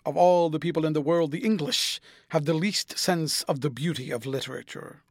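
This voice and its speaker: A man's voice: fairly high pitch, moderate pace, no echo, clean studio sound, lightly acted. A man voicing a languid young aristocrat who speaks in witty, lightly mocking epigrams.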